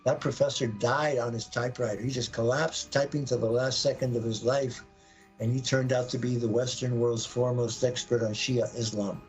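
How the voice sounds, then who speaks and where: A man telling an intense personal story on a live podcast, acting out his own words and the words of others with sudden jumps in pitch. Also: moderate pace, soft background music, poor audio. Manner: animated, acts out quoted voices with sudden pitch jumps.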